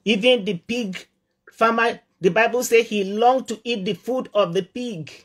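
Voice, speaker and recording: A man preaching a sermon with passion, repeating phrases and rising to shouts. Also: very high voice, unhurried. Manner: impassioned, repeats phrases for emphasis, often rises to shouting.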